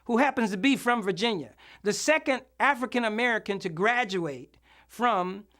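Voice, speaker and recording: A man, a minister, giving an impassioned preacher-style speech at a political event, asking the crowd for amens and shouting his key words. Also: sits high, expressive, normal speed. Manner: emphatic call-and-response, asks for amens.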